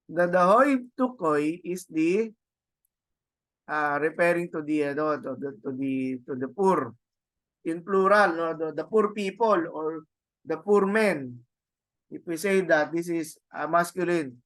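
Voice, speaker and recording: A man with a Filipino accent teaching a Greek grammar lesson, halting and repeating words, often adding "no?" to check on students. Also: fairly high pitch, a bit bright. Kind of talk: classroom lecture.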